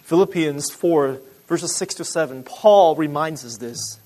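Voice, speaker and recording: A male pastor preaching a sermon, explaining scripture conversationally with restarts, swelling into urgent emphasis and then dropping to quiet asides. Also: fairly high pitch, unhurried, hardly any pauses, rough recording.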